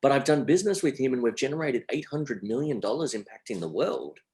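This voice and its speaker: A man's voice: mid-range voice, lively intonation, fast talker, darkish tone. A middle-aged Australian man as a guest on a podcast interview, speaking with energy and emphasis and repeating his phrases. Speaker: entrepreneur guest.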